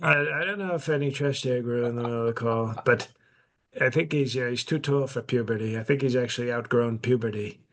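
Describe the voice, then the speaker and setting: Brash old president, rambling and smug, delivered deadpan, played by a male comedian. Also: mid-range voice, fairly quick, natural voice. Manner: rambling, boastful, deadpan, with self-interruptions. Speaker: podcast host in character. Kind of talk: improvised comedy podcast.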